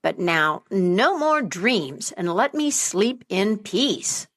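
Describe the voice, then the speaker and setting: A woman's voice: mid-range voice, sing-song, a bit bright, heavily acted. A woman playing a surly sleepy dragon. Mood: irritated, surly. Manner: surly, drawn-out threats. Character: grumpy sleepy male dragon.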